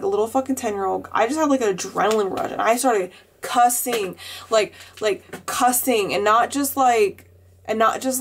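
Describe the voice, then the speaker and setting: Profane young woman telling a storytime. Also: medium pitch. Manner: heated, profane, heavy use of "like". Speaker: vlogger. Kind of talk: casual storytime monologue.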